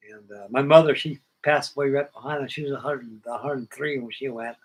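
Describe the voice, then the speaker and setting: A man's voice: mid-range voice, brisk, slightly rough, rough recording. Older man telling folksy stories. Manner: folksy, plainspoken, acts out old conversations. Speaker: hobby model-building livestream host. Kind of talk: rambling personal storytelling.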